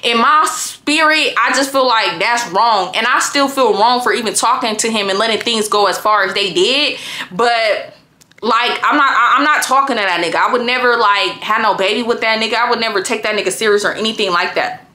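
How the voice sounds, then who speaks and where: A young woman telling a story to her viewers in a blunt, animated rant full of swearing. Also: a little high, a little fast. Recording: echoey room.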